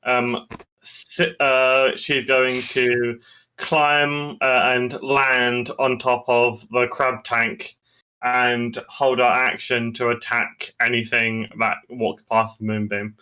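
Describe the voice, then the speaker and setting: Slow, hesitant man tallying dice rolls. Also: medium pitch, flat delivery, sharp tone, poor audio. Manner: hesitant, full of fillers while working out rolls. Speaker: player. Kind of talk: tabletop game play.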